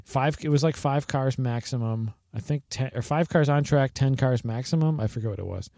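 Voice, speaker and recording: A man's voice: medium pitch, fairly quick, mellow, no echo, clean studio sound. A man co-hosting a podcast in casual chat, rambling through stories with many fillers and restarts and laughing often. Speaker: podcast co-host.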